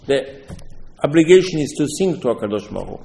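A man's voice: a little high, very animated, fast, creaky, dark tone. Man preaching in an echoey hall. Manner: informal, repetitive, quoting Hebrew terms. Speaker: rabbi. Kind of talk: Torah sermon.

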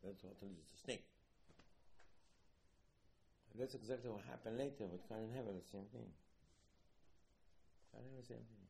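Animated preaching man with a low voice. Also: a little hiss or hum. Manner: animated, repetitive, rhetorical questions, acts out dialogues. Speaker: Torah teacher. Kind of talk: sermon.

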